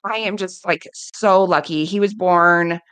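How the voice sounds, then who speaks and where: A woman in her thirties who works as a coach tells a heartfelt personal story in a casual interview, earnest and emotional, often quoting herself. Her voice is on the low side, measured, a bit bright, clear and resonant, recorded dry.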